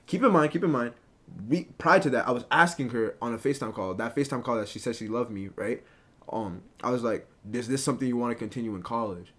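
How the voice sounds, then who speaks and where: A man's voice: mid-range voice, fast talker, fairly bright tone. A young man casually telling a personal story to a live chat, rambling and filling with "right?" and "like". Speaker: storyteller streamer.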